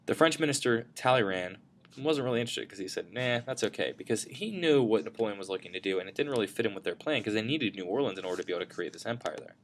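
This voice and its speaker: A male teacher rattles through a history lecture at a quick clip. His voice sits a little low, and he talks casually, correcting himself often and dropping in fillers as he points at slides. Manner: brisk, casual, frequent self-corrections and fillers.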